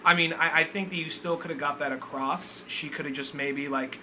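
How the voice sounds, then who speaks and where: A man co-hosting a podcast, talking over a movie in a relaxed, rambling way, dropping fillers and the odd curse. His voice is bright and forward, sitting slightly high for a man, with a faint hiss of noise in the background. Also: brisk. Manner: loose, rambling, full of "like" and profanity. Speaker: podcast co-host. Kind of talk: casual movie review chat.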